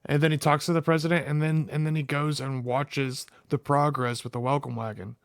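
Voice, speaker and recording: Man butting in with quick corrections. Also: on the high side, level tone, crowd noise. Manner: quick interjections, laughs at his own quotes. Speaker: podcast co-host. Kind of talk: casual movie recap chat.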